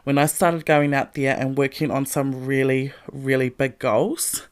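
A woman giving a motivational talk, blunt and profane, lively and emphatic. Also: very deep voice, a little slow. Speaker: motivational podcast host.

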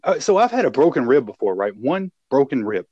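A young man co-hosting a podcast, an excitable storyteller who laughs and swears a lot in casual chat. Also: medium pitch, a little fast, dry recording, highs cut off. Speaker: podcast co-host.

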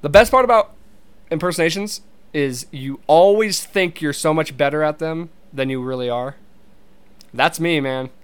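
A young man rambles casually in a smooth, fairly high voice at a moderate pace. He swears a lot, keeps restarting his sentences, and laughs easily throughout this relaxed monologue.

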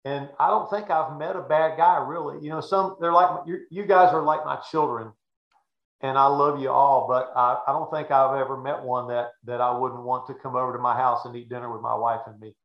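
A man's voice: mid-range voice, fairly even intonation, brisk. Older male broadcaster, folksy and earnest, with a dull, echoey room sound. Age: 60s. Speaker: guest, sports broadcaster. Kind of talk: anecdotal storytelling.

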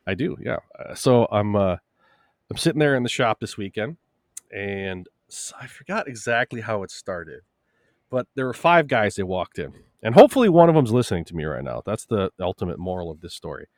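A man on a casual podcast telling stories from his shop, animated and talkative, swearing casually. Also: a little fast, no room sound, clean studio sound. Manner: animated storyteller, swearing casually, lively rises in pitch. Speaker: podcast co-host, shop owner.

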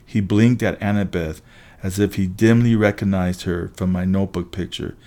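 A man reading a first-person adventure story aloud as an audiobook narrator, brisk, with occasional restarts. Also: sits low, fairly even intonation, warm tone.

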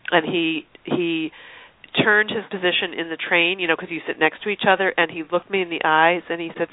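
A woman's voice: on the low side, fairly even intonation, brisk. Chatty woman guest on a phone line. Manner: chatty, acts out quoted voices. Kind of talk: candid storytelling chat. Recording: dry tinny phone line.

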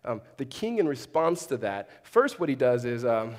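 A man's voice: medium pitch, big pitch swings, normal speed. A man preaching a sermon to a congregation in a church, speaking conversationally and slipping in dry humorous asides. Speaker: pastor. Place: large church hall with a congregation. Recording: long reverb of a big hall.

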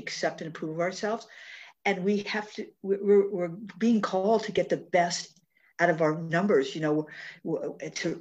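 Woman, host, earnest and affirming, repeats phrases, lower voice. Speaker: host, numerology speaker. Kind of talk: spiritual talk show chat.

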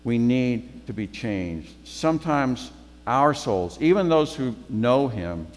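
A man's voice: mid-range voice, very animated, slow, big-room sound. A man giving a sermon as guest preacher, conversational, repeating phrases for emphasis.

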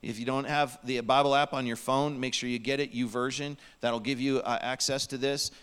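A man's voice: mid-range voice, fairly even intonation, normal speed, fairly bright tone, smooth. A man preaching a sermon in a church, earnest and pleading, sometimes dropping to a near whisper. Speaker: pastor. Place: church sanctuary.

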